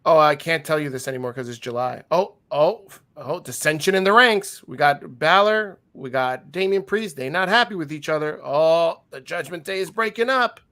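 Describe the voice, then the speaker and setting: High-voiced excitable man. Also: normal speed, few pauses. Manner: excitable, teasing play-by-play. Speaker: podcast co-host. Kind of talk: casual wrestling chat.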